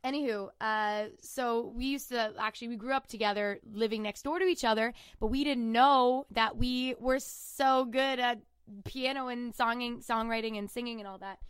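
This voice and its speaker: Casting: young woman guest, rambling casual talker, a touch high, smooth and clear. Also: steady tone, normal speed, no echo, studio quality. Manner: chatty, rambling with many fillers. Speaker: singer-songwriter guest. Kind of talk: casual interview chat.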